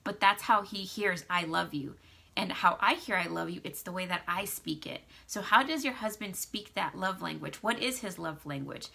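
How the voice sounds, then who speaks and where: A woman's voice: lowish voice, normal speed, creaky, bright, forceful tone. A young adult woman vlogging casual marriage advice, chatty with many fillers, acting out little quotes. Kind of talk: casual advice talk to camera.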